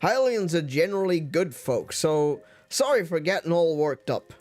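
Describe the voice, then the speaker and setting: A man's voice: fairly high pitch, very animated, moderate pace, a little mellow. A man voicing a wary male village guard in a video game, who demands answers and then apologizes, with faint game music behind. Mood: apologetic.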